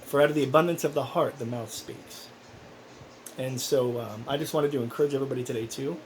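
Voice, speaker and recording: A man's voice: medium pitch, a little fast, slight background noise, poor audio. A man talking casually in a personal vlog, rambling and earnest, with many restarts. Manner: earnest, encouraging. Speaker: vlogger.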